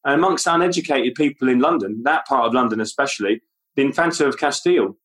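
A man's voice: medium pitch, expressive, fast, fairly bright tone, low-quality recording. Rambling self-deprecating man chatting about films. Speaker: podcast co-host. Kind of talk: casual film chat.

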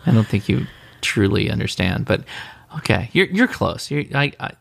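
Podcast co-host, male, gravelly tone, easygoing chat that circles and backtracks. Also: on the low side, very animated, normal speed. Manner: rambling, self-correcting. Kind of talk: casual chat.

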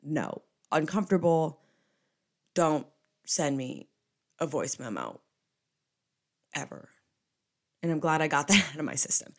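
A young woman hosts a casual solo podcast in a slightly low voice. She talks in a chatty, emphatic way and slides easily into playful rants. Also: sing-song, measured pace, pauses often. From New Jersey. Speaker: podcast host.

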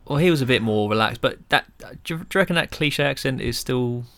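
A man's voice: medium pitch, expressive, fast, a bit bright, dry recording. A man from England co-hosting a podcast, chatting casually and teasing dryly. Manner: dry, teasing. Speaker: podcast co-host. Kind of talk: casual chat.

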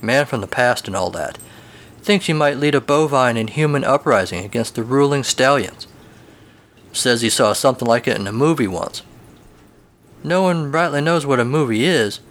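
A man's voice: medium pitch, fairly bright tone, lightly acted. A man voicing a laid-back, folksy male stable horse in a storybook tale, with a casual, dry drawl.

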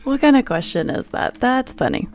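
A woman's voice: on the high side, very animated, darkish tone, no room sound. A woman in her thirties hosting a podcast, chatting casually and teasing her guest. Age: 30s. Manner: teasing, playful, quick to laugh. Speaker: podcast host. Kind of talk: casual chat.

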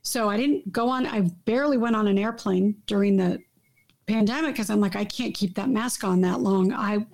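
A woman's voice: medium pitch, gravelly, a little mellow. A woman talking in a casual, emphatic way, often trailing off and restarting her sentences. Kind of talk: casual conversation. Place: Los Angeles.

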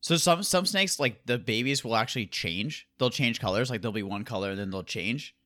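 Bright, dry-sounding American podcast host. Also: male voice, medium pitch, fairly quick, dry recording. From United States. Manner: laid-back, says "dude" and "like" a lot. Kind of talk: casual interview chat.

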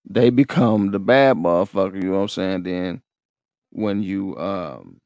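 A man talks in a loose, rambling, profane street-slang monologue. His voice sits low and has a rough, gravelly edge. The sound is dry and close, with no room around it. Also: a little slow, darkish tone, no echo. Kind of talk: casual monologue to camera.

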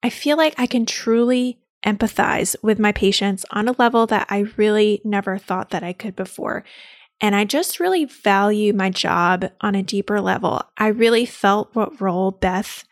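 A young adult woman, a labor and delivery nurse, tells her own birth story in a heartfelt, excitable way. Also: mid-range voice, normal speed, no echo, studio quality. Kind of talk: personal birth story told to an audience.

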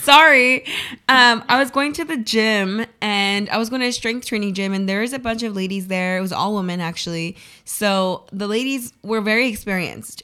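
Woman, young adult, radio co-host, casual chat, medium pitch, studio mic. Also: smooth. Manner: chatty, animated storytelling with many fillers.

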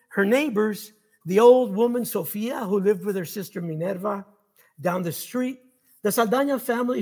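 A man reading his own fiction aloud at a steady, measured pace. His voice sits high for a man and carries a gravelly, husky grain. The delivery is that of an author at a reading. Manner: measured storytelling.

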